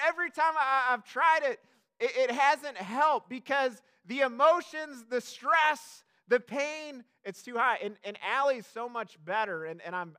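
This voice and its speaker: A man's voice: very high voice, sharp tone. A young adult man preaching a sermon as pastor, chatty and self-deprecating, with many fillers and restarts.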